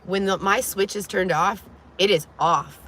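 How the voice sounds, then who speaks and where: A woman vlogger telling a personal story to camera in a casual, animated way, frank and profane, with many "like"s, from inside a vehicle. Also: mid-range voice, a little slow, a little hiss or hum.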